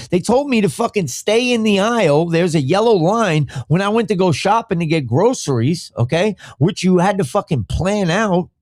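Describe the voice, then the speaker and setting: A man's voice: high voice, darkish tone, no room sound, studio quality. Profane, heated man ranting on a podcast. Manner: reads viewer comments. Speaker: podcast host. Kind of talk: casual live-stream rant.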